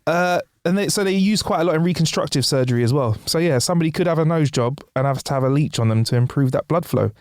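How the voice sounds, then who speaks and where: Brief: young man, podcast co-host, relaxed fact-sharing, somewhat high voice, dry close mic. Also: fast talker, hardly any pauses, no room sound. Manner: laid-back, sharing facts with frequent laughs. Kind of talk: casual chat.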